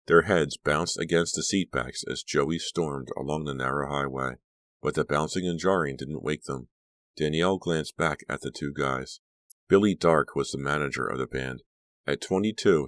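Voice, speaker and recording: A man reading a horror audiobook aloud in a steady storytelling manner, close to the mic. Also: extremely low pitch, dry recording. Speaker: audiobook narrator. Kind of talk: scripted narration.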